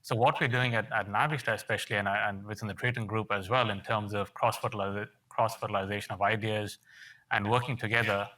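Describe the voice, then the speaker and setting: A man on a panel speaks in a low but bright voice. He thinks aloud and asks rhetorical questions as he answers. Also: fairly even intonation, fast talker, poor audio. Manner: reflective, posing rhetorical questions. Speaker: engineering executive panelist.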